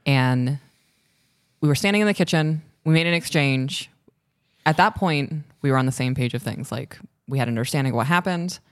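A woman's voice: low-pitched, moderate pace, no echo, clean studio sound. A woman co-hosting a podcast, candidly reflecting on her own behavior in a conversation with her partner. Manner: candid, self-reflective, emotional. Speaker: podcast co-host. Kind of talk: casual conversation between partners.

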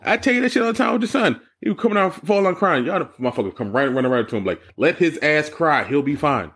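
A man co-hosting a podcast in casual chat, telling stories with lots of profanity and jumping high when he mocks people. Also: very fast, slightly rough. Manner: animated storytelling, profane, jumps high when mocking. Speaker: podcast co-host.

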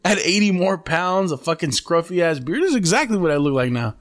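A male podcast host tells a story in casual chat, his talk slangy, profane, and peppered with "bro." He has a high voice with lively intonation and speaks a little fast.

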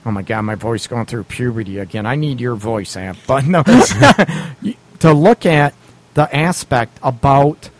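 A man's voice: mid-range voice, expressive, measured pace, dry recording. Brief: male radio advice host, blunt and casual, laughs a lot, acts out quotes. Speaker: radio show host giving relationship advice.

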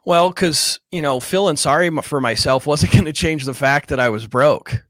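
A man's voice: a little high, normal speed, dry recording, clean studio sound. A man telling his personal story as a podcast guest, earnest and casual, at times choked up, saying "dude" and "like". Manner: earnest, gets choked up, slangy. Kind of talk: emotional interview storytelling.

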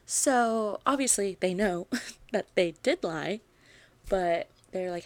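A woman in the middle of her range recaps a novel for her podcast, chatty and animated, filling her sentences with "like." The sound is close and dry, with no room around her voice. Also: mid-range voice, a little slow, no room sound. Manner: animated storytelling, frequent "like" fillers. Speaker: book podcast host. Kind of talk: chatty book review, retelling a plot.

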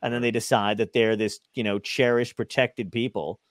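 A man's voice: lowish voice, normal speed, no room sound, clean studio sound. A man co-hosting a podcast in casual chat, swearing freely and laughing often, talking from home over a video call. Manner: profane, animated, laughing often. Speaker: podcast co-host.

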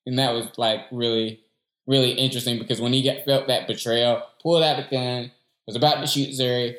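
A man's voice: medium pitch, fairly even intonation, brisk, a bit bright, echoey room. A man in casual chat, animatedly retelling a movie and acting out the characters' lines.

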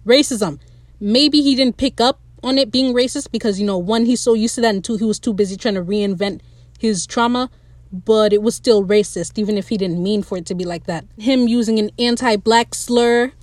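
A woman giving a casual, opinionated recap of a TV episode, animated and swearing freely, speaking straight to the writers. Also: on the high side, moderate pace, dry recording. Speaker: show recap podcaster.

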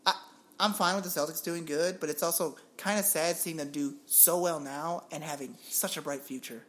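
A man's voice: on the high side, normal speed. Young puerto rican guy on a sports pod, chatty, laughs a lot, cusses easy. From Puerto Rico. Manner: animated storyteller, laughs often, swears casually. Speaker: podcast co-host. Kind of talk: casual sports chat.

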